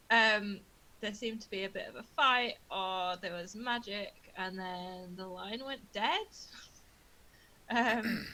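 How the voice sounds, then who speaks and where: Bright-voiced hesitant woman player. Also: mid-range voice, low-quality recording. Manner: hesitant, filler-heavy, giggly. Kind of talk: casual tabletop game play.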